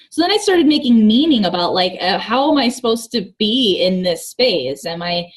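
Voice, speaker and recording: A woman guest speaking in a relaxed, reflective way during a casual conversation. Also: medium pitch. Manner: slow, reflective, thoughtful. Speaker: guest, gym worker.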